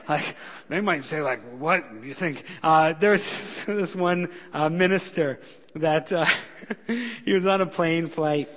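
Man preaching in an echoing church. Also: high-pitched. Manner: animated storytelling, rises loud for emphasis, drops soft when pleading. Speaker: pastor. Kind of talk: sermon. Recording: long hall reverb.

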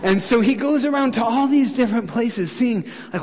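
A man's voice: very high voice, moderate pace, a little mellow, husky. A male pastor preaching a sermon in a conversational way, asking his listeners rhetorical questions, in a church sanctuary. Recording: long reverb of a church hall.

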